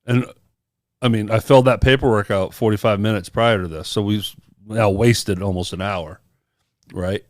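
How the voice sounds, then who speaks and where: A man's voice: fairly low pitch, moderate pace, no echo, studio quality. A man on a podcast telling a personal story in casual chat, acting out the people he quotes. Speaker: podcast co-host.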